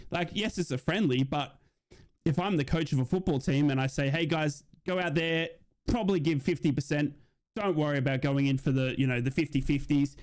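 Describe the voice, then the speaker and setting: A man's voice: on the high side, brisk, darkish tone. Chatty male football streamer. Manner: chatty, keeps saying "do you know what I mean". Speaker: streamer doing a live football watch-along. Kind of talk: casual live commentary, reading chat messages.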